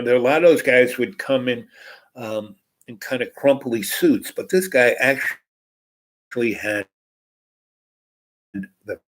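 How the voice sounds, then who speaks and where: A man's voice: mid-range voice, poor audio. A man casually telling a long personal anecdote, rambling with many fillers and restarts. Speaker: host.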